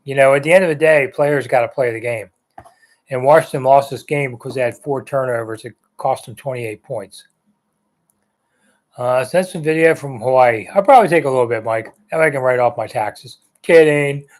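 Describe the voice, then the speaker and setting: A man in his sixties, working as a sports talk host, responds to viewer comments during a live chat. His medium-pitched voice moves at a moderate pace, and his style is rambling and conversational, with lots of ums and uhs.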